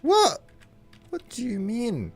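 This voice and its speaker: A man streaming a game live, chatting and joking as he reacts out loud to what happens in it. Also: lowish voice, expressive, unhurried, soft background music. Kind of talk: live gameplay commentary.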